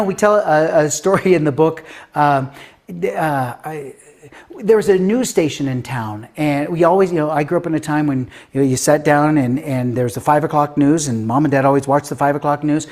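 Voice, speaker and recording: A man in his fifties from Denver, a guest author telling a story in an interview and acting out the voices of people he quotes. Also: on the high side. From Denver, USA. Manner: animated, acts out quoted voices with filler words.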